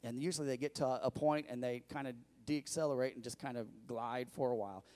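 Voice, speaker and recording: Brief: middle-aged male pastor, sermon storytelling, lively and chatty with the congregation, medium pitch. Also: quick pace, in a large hall. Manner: animated, conversational, addresses the congregation directly.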